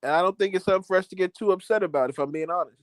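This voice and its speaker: A man on a football podcast who gives his opinion in a measured, reflective way. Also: high-pitched, dry recording. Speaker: podcast co-host. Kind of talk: casual football chat.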